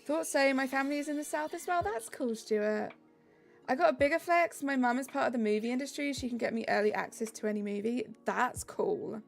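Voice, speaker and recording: A young woman with a Southeast English accent chats cheerfully to her stream chat, reading names and answering questions as she goes. Her voice sits a little high and carries a gravelly fry, and soft music plays behind her. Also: brisk. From England. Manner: chatty, reads chat aloud, upbeat. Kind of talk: live-stream chat while gaming.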